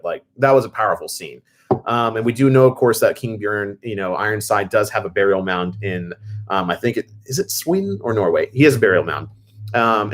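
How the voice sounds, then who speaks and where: Guy on a livestream, kinda low voice, ranting and reading chat, gets fired up. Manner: animated, reads chat comments, rants. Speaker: livestream host.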